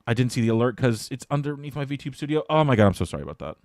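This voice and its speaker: A man's voice: medium pitch, very animated, very fast, darkish tone, dry recording, studio quality. A male streamer chatting casually on a live stream and ranting animatedly, with plenty of swearing.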